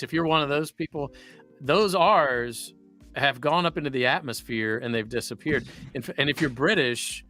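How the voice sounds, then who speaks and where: Southern guy from louisiana, bright voice, rambly chatty storyteller, little bit of music behind. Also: mid-range voice, normal speed. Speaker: voice actor. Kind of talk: casual chat on a livestream.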